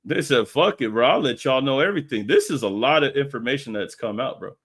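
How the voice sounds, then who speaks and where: A man's voice: mid-range voice, animated, a little fast, fairly bright tone, breathy edge. A man hosting a casual live stream, talking in a slangy, profane way and laughing often.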